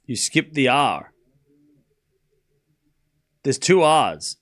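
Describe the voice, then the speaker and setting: An Australian man hosting a live tennis watchalong stream, joking with his chat, practising player names out loud and calling the points. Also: mid-range voice, animated, normal speed, long pauses. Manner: playful and joking, reads chat aloud, repeats player names to practise them.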